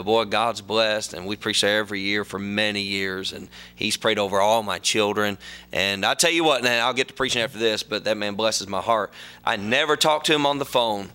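A man's voice: medium pitch, pushed and bright, smooth. A middle-aged man preaching a sermon, telling folksy stories and reading scripture aloud.

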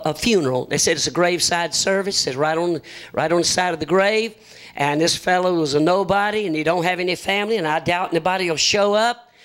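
A man's voice: a little high, fairly bright tone. Folksy preacher man telling jokes. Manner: folksy joking, acts out voices in his stories. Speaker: visiting preacher. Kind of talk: folksy sermon with humorous stories.

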